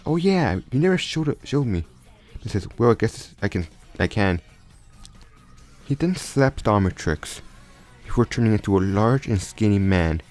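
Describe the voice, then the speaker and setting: A man's voice: on the low side, a little mellow. A man casually improvising a story aloud, often stumbling and restarting his sentences. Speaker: storyteller retelling a fan crossover story. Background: faint background music.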